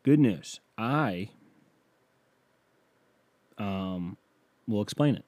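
A man hosting a podcast, delivering a casual comedic monologue in a profane, ranting way that breaks into mock yelling. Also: lowish voice, animated, drawn-out words, no room sound. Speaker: podcast host.

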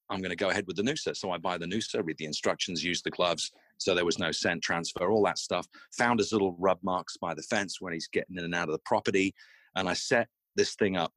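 A middle-aged Australian man telling a comic anecdote, halting and restarting his words often. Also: low voice, fairly bright tone, breathy edge, no echo. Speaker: guest storyteller.

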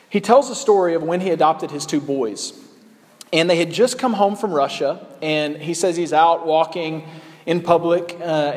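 A man's voice: fairly high pitch, in a large hall. A man preaching a sermon in a conversational way, with frequent ums and uhs. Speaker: pastor.

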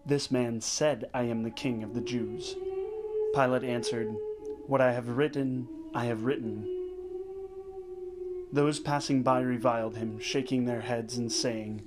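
Solemn man reading scripture over music. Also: mid-range voice. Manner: measured, solemn reading in short phrases. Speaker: rosary prayer leader. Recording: voice over clear background music. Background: sacred choral music.

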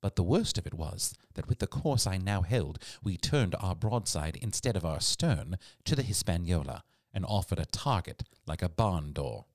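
A man narrating a classic adventure story in an expressive storytelling read. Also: deep voice, normal speed, few pauses, no echo, studio quality. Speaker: audiobook narrator. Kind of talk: scripted narration.

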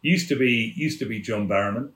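A man from England spins theatre stories with relish, slipping into the voices of the people he quotes. He has a mid-pitched voice, and the room around him gives it a noticeable echo. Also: a little fast, a crowd in the background. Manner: lively raconteur, acts out quoted voices. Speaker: podcast guest, former theatre manager. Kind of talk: anecdotal storytelling. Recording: roomy echo.

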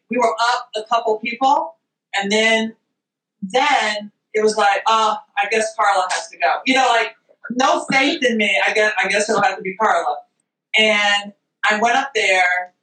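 A woman chef telling a story as a guest, expressive and loud, acting out what people said. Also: mid-range voice. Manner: expressive, acts out quotes, exclaims loudly. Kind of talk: animated storytelling chat. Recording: echoey room, distant from mic.

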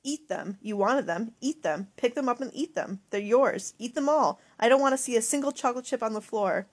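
A woman's voice: mid-range voice, fairly even intonation, brisk, breathy edge. A woman voicing a stern mother who rations food, giving clipped commands and weary lectures in an audiobook. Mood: harsh commanding. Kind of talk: audiobook character voice.

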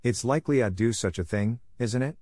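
A man's voice: medium pitch, fairly quick, warm tone, no room sound, clean studio sound, natural voice. A man voicing a loyal, spirited young girl who speaks frankly, a little scornfully.

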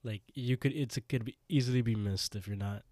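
A man's voice: medium pitch, brisk, darkish tone, no echo. A man co-hosting a podcast, casually retelling a TV episode, acting out the lines and laughing often. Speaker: podcast co-host. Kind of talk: casual recap chat.

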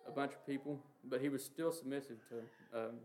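A man giving an informal, earnest sermon, talking haltingly with many fillers and reading scripture passages aloud. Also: medium pitch, steady tone, a little mellow. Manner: halting, heavy with "you know" and "um" fillers. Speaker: preacher. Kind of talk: informal sermon on the Lord's Prayer.

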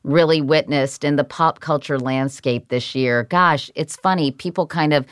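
A woman's voice: deep voice, moderate pace, smooth, no echo. A woman co-hosting a podcast, teasing and upbeat as she introduces guests, recorded on a studio mic. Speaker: podcast co-host. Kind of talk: scripted podcast intro and chat.

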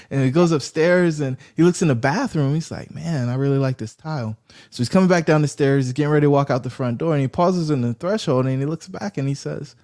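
Male guest, storyteller, warm low tone, acts out dialogue. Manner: animated storyteller acting out quoted dialogue. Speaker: real estate investor guest. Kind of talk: storytelling in a podcast interview.

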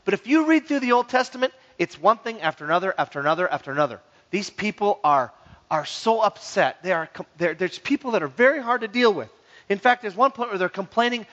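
Lively pastor preaching in a hall. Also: male voice, sits high, a little fast. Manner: lively, joking, acts out grumbling voices. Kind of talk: sermon. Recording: dull sound in a reverberant hall.

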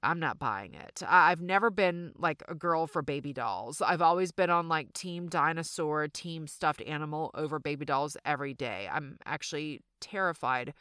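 A woman's voice: low voice, normal speed, few pauses, a bit bright, no echo, clean studio sound. A middle-aged woman with a Southern accent, hosting a storytelling podcast in a chatty, self-deprecating way. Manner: chatty, self-deprecating, addresses listeners as y'all. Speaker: podcast host.

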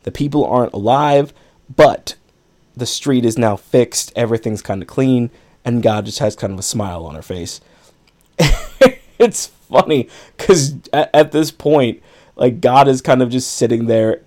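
A man's voice: medium pitch, animated, unhurried, darkish tone. A man hosting a podcast, casually recapping a film in a rambling way with lots of fillers and frequent laughs. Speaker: podcast host.

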